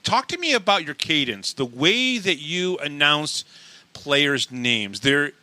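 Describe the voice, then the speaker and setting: A man hosting a casual podcast interview, eagerly agreeing and asking quick follow-up questions. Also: on the high side, sing-song, pushed and bright, dry recording. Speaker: podcast host.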